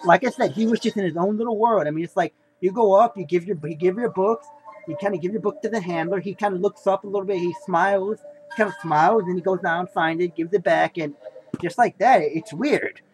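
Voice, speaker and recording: A young man with a high-pitched voice talks a little fast over soft background music, and the audio is poor. A comic collector vlogger doing a casual haul video, he rambles about signed comics, repeating himself and saying "folks" and "you know" constantly.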